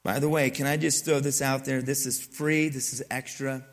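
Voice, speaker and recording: An older man preaching a sermon, telling stories with asides to his congregation and swinging from loud exclamations to hushed, near-whispered moments. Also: mid-range voice, flat delivery, moderate pace. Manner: storytelling, conversational asides to the congregation. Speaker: pastor.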